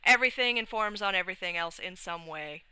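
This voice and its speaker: Bright, crisp rambling young streamer. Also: mid-range voice, a little fast, no room sound, poor audio. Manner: rambling, with frequent restarts and swearing; laughs often while talking. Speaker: livestreamer. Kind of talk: casual livestream chat.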